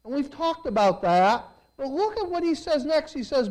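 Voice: very animated, rough recording. A pastor preaching with dramatic swings. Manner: swings from quiet, slow reflection to loud, rising emphasis; acts out quoted people in lowered voices. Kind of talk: preaching a sermon.

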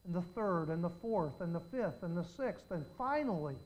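A man's voice: high voice, expressive, moderate pace, few pauses, a little mellow, poor audio. An older man preaching a sermon, telling dramatic stories and putting questions straight to his congregation.

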